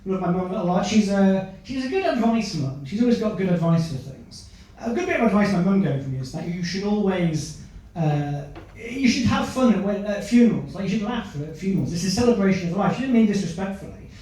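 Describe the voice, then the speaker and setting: A man performs stand-up, bantering with people in the crowd. His voice sits high. The sound is caught from off the stage in a very echoey club. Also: animated, a little fast, darkish tone, recorded from a distance. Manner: chatty, chases audience members with questions. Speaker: stand-up comedian. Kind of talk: stand-up set with crowd work.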